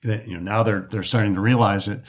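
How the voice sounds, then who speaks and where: A man's voice: on the low side, fairly even intonation, fast talker. A man from the Detroit area, a golf course architect, telling stories in a casual interview, often restarting and acting out quoted dialogue.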